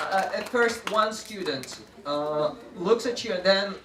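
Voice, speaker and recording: A man's voice: sits high, expressive, unhurried, few pauses, heavy background noise. A man with a Russian accent, a teacher trainer giving a playful live workshop talk and demonstrating classroom chants. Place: training room with live audience. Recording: echoey room, mic from far off. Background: crowd of trainees.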